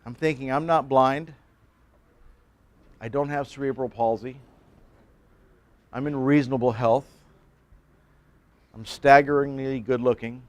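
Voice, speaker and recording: A man's voice: mid-range voice, steady tone, measured pace, long pauses. A man in his sixties, a pastor, giving a folksy sermon at a men's breakfast, telling stories with jokes and acting out quotes.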